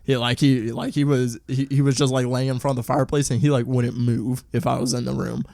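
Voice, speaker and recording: A young man co-hosting a podcast, chatting casually and telling profane, animated stories. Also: medium pitch, brisk, creaky, dry recording, clean studio sound. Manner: animated storyteller, profane, acts out voices. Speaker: podcast co-host. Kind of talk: casual chat.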